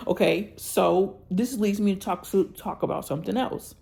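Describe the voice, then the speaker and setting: Her voice is medium-pitched, gravelly and dark as this planner vlogger airs an angry, blunt complaint about a bad order. Checking in with her viewers through "y'all" and "okay?", she keeps the rant casual.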